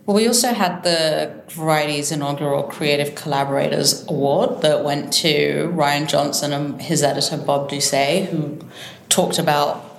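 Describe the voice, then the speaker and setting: Low-voiced woman in a roomy space. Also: steady tone, normal speed, creaky. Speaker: podcast co-host. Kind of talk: casual roundtable chat.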